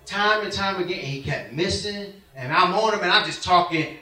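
A man preaching a sermon, telling an animated personal story, acting out voices and laughing often. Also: high-pitched, moderate pace, recorded from a distance. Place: church. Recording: roomy hall heard from afar.

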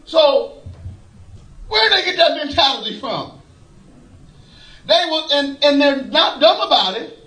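A man preaching a folksy sermon, laughing often and rising to shouts. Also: very high voice, very animated, a little slow, pauses often, reverberant, poor audio.

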